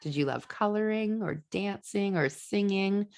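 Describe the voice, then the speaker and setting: A woman's voice: medium pitch, a little slow. A woman hosting a podcast, giving casual parenting advice with fillers and restarts, acting out venting voices. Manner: animated, acts out venting voices. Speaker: podcast host and ADHD parenting coach.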